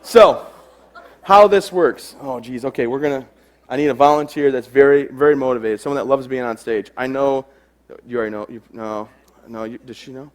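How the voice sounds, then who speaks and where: A man's voice: mid-range voice, normal speed. A young adult man giving a humorous stage talk to a live audience, telling self-deprecating stories. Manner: joking, self-deprecating storyteller. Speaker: keynote speaker.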